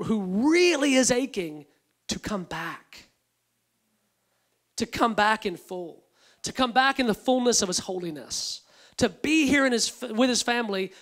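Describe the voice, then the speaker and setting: A man giving a sermon as a guest preacher, in a conversational, repetitive style that drops soft for emphasis. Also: sits high.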